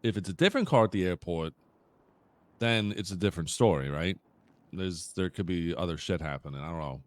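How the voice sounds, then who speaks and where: A man's voice: low-pitched, expressive, brisk, no echo. A man casually role-playing a police officer, telling blunt, profanity-laced stories to his colleagues. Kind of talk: casual in-character roleplay chat.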